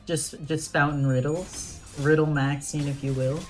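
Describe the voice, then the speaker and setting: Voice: medium pitch, flat delivery, measured pace, a little mellow, soft background music. A streamer chatting casually during a live gameplay stream, laughing often and reacting to chat.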